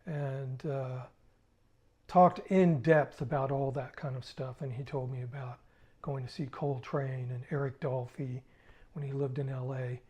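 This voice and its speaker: An older man, a musician, recalling his past in a casual, halting spoken story with restarts. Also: medium pitch, flat delivery, darkish tone.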